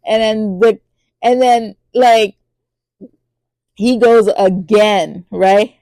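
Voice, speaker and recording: A woman hosting a podcast who recaps a TV drama in a casual, animated way, with lots of fillers and acted-out lines. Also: drawn-out words, no echo. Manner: acts out characters' lines in high voices. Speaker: podcast host reviewing a TV drama.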